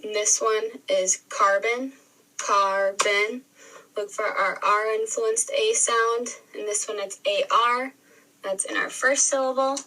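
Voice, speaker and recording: A woman teacher giving a recorded spelling lesson, sounding words out slowly and clearly syllable by syllable. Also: fairly high pitch, steady tone, bright, forceful tone. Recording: re-filmed video playback, distant sound.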